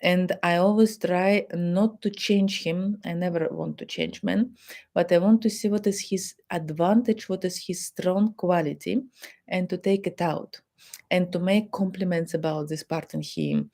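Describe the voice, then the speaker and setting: Mellow-voiced Russian woman giving advice. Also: lowish voice, normal speed. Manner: non-native English with simple grammar, acts out quoted dialogue. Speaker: female therapist giving relationship advice. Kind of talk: advice talk to the camera.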